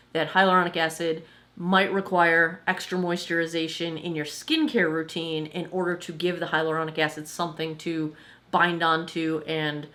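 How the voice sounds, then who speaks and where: A woman in her forties, slightly hoarse, giving a chatty, enthusiastic makeup review as a vlogger and laughing often. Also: lowish voice, fairly bright tone. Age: 40s. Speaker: beauty vlogger.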